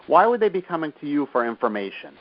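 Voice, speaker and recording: A man's voice: fairly high pitch, big pitch swings, quick pace, dull audio. A man with a New Jersey accent hosting a business interview in a chatty, joking way, often restarting his phrases. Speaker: podcast host.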